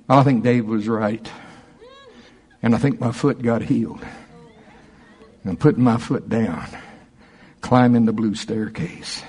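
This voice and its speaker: A man preaching a sermon to his congregation, animated and excitable, slowing down to read scripture with care. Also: medium pitch, vocal fry, husky. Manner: animated, excitable, breaks into laughter and shouts; reads scripture slowly and deliberately. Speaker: pastor.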